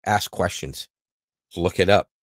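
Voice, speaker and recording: A man's voice: low-pitched, a little slow, no room sound, studio quality. A Canadian man co-hosting a podcast, chatting casually and joking, with laughs and restarts. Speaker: podcast co-host. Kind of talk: casual chat.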